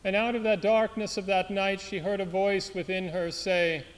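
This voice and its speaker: A man's voice: high voice, level tone, normal speed. A man preaching through a story in an earnest, dramatic way. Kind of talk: sermon storytelling. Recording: long hall reverb.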